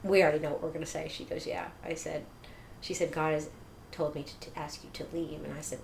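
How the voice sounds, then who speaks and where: A middle-aged woman telling her personal story as an interview guest, animated, laughing often and acting out quoted dialogue. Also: low voice, fast talker, vocal fry. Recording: echoey room with faint noise.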